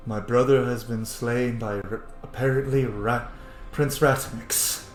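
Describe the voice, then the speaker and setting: A grieving young nobleman, played by a man in a tabletop game, stammering through halting words. His speech is slow and unsteady. A roomy echo surrounds the voice. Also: medium pitch, steady tone, soft background music, close to an everyday voice. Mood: shaken.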